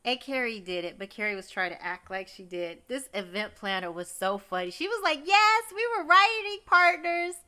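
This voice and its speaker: A woman's voice: mid-range voice, expressive, brisk, hardly any pauses, pushed and bright. A woman recapping a TV episode in a chatty, gossipy way, exclaiming often and talking straight to her viewers. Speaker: TV recap host.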